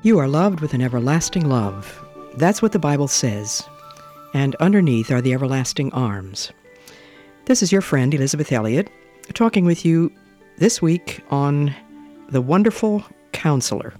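A woman giving a slow, deliberate radio devotional talk as a Bible teacher, stressing words and sometimes dropping to a near whisper. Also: low-pitched, very animated, mellow, faint music behind.

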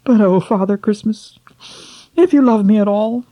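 A woman's voice: mid-range voice, normal speed, mellow, voice pushed up, close to an everyday voice. A woman voicing a lonely, selfish old king who lists his wishes in a wistful, childlike way, in a storybook reading. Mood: eager. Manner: childlike, wishful listing of wants.

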